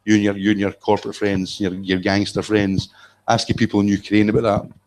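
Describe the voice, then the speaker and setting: A man's voice: on the low side, level tone, brisk. A man giving a live lecture-style talk at an event, blunt and emphatic with profane asides. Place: event room with an audience.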